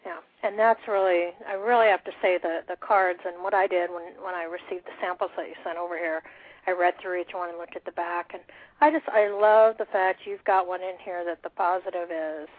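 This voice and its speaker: A woman's voice: lowish voice, fairly even intonation, brisk. A woman radio host and coach, talking enthusiastically and a little rambling with her guest. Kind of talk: radio interview. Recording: dry phone-like sound.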